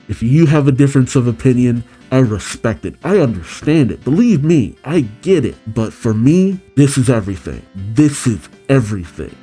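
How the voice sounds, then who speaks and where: A man's voice: medium pitch, warm tone. A man summarizing a manga chapter, reading the dialogue aloud and reacting with open emotion. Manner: reads character lines aloud, then gushes emotionally.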